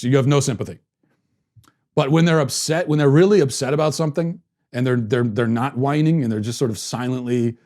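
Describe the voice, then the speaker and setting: A man in his thirties hosting a commentary show, telling a story at home in a sarcastic, deadpan way and keeping his voice down. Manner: lowers his voice to keep quiet at home. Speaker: podcast host. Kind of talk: opinion commentary monologue.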